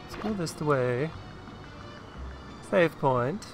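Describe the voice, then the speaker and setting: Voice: mid-range voice, expressive, drawn-out words, music in the background. A let's-play host giving playful, giggly commentary while playing a video game. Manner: giggly, playful, laughs often. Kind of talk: casual gameplay commentary.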